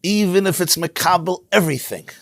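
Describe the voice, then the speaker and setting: A man teaching a Torah class as a rabbi, in an animated, emphatic way, sprinkling in Hebrew terms. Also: sits high, a little fast, gravelly, no echo, clean studio sound. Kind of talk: lively Torah lecture. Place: synagogue.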